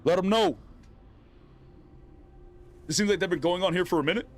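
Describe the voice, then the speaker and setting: Here a high-sitting male voice moves at a moderate pace, narrating his live game stream. Casual and teasing, he talks directly to the opponents he battles as part of his running commentary.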